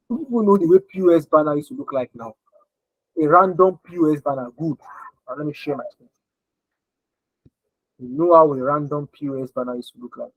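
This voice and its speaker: A man's voice: on the high side, dry recording, low-quality recording. Emphatic man teaching design. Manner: repetitive, emphatic, keeps checking if listeners follow. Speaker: design instructor. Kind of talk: online screen-share lesson.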